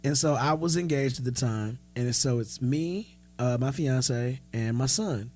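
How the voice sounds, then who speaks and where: Over soft background music, a man in his thirties co-hosts a podcast, speaking at a measured pace in a mid-range voice. Frank and profane, he tells stories in casual chat and acts out the dialogue he quotes.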